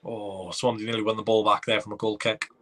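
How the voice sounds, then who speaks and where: A man hosting a live reaction watchalong, excitable and chatty, reading viewer comments aloud. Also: lowish voice, fairly quick. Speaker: fan watchalong host.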